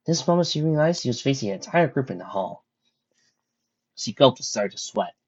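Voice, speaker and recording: A reader narrating a fan story, lively with occasional slips, in a muffled lo-fi recording. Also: medium pitch, husky.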